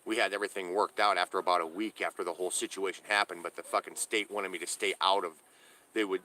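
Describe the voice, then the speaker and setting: A middle-aged man talks straight into a handheld camera from inside his trailer, his voice sitting a little low. He rants in a bitter, profane way, stumbling and circling back over his words. It sounds like a casual off-the-cuff vlog. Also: fairly even intonation, quick pace, pushed and bright. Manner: profane, aggrieved ranting with many restarts. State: homeless, living in a trailer. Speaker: vlogger. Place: inside a parked trailer on a hot day.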